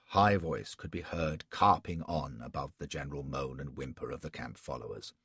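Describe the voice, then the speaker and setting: A man's voice: rumbling low, normal speed, fairly bright tone, breathy edge, dry recording. A man narrating an audiobook in the first person, in a wry, sardonic storytelling manner.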